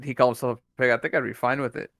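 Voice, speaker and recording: A man's voice: mid-range voice, steady tone, racing, creaky, fairly bright tone, dry recording, clean studio sound. A man on a podcast musing hesitantly about a film, thinking aloud. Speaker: podcast co-host. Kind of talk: casual film discussion.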